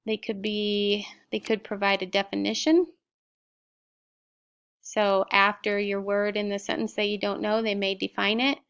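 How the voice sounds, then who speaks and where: Middle-aged woman teacher, smooth and deliberate, sounds out each word for a recorded class lesson. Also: mid-range voice, little pitch movement, fairly bright tone. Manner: slow, clear word-by-word sounding out. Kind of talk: recorded spelling and vocabulary lesson.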